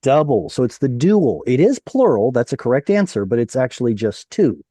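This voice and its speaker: A man's voice: mid-range voice, very animated, moderate pace, mellow, breathy edge, no echo. A man teaching a Hebrew reading class over a video call, patiently explaining step by step.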